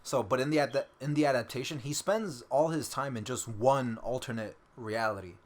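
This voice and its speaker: Excited nerdy man chatting. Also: medium pitch, moderate pace. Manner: excited, swearing, acts out quotes with laughs. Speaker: podcast co-host. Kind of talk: casual fan podcast chat.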